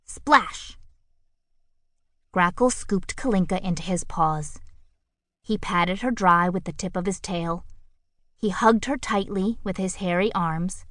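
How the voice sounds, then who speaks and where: A woman narrating a children's picture book audiobook with expressive, playful storytelling on a close studio mic. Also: lowish voice, unhurried, dry recording.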